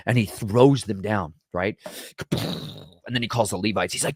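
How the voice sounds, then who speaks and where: A man with a lowish voice retells scripture like a casual chat, dramatic and emphatic, tossing in "right?" every few lines. The sound is dry and close. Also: steady tone, normal speed, no echo. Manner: conversational, keeps asking "right?". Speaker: podcast host. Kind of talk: casual Bible storytelling.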